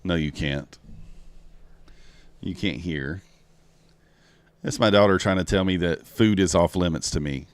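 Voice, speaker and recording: A futures trader live-streaming his session talks casually to viewers, walking them through each move. His voice is low and a little slow, with frequent pauses.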